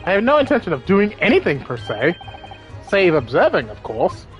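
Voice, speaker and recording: A woman voicing a smug, languid British detective in a game let's play, drawling dryly and trailing off low. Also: huge pitch swings, normal speed, muffled recording, soft background music.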